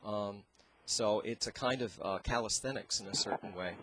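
A man teaching singing as an interview guest, talking in a halting way and searching for his words into a handheld microphone. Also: fairly low pitch, fairly bright tone, a little hiss or hum. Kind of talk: explaining with sung demonstrations.

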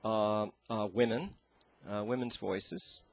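A man's voice: on the low side, animated, husky, no echo. Hesitant man explaining singing technique. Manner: halting, searching for words. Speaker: singing teacher guest. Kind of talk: explaining with sung demonstrations. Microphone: handheld microphone.

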